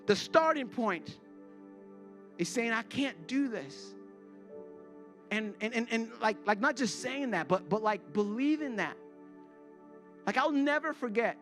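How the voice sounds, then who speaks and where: Man pastor, forties, high voice, earnest confessional sermon, faint music under it. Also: expressive, a little slow, long pauses, fairly bright tone. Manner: earnest and confessional, repeats words when worked up. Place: church sanctuary before a congregation.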